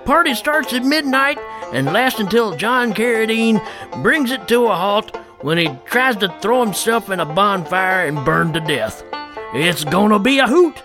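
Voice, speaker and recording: A man putting on a folksy old cowboy actor who hawks a barbecue in a spoof radio ad, with a drawling country huckster pitch. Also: animated, unhurried, music in the background.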